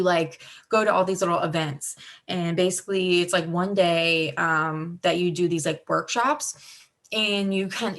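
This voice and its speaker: A woman's voice: fairly low pitch, a bit bright. A young woman telling her team a personal story in casual, rambling talk, heavy with fillers and heartfelt. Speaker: team director giving a mindset talk.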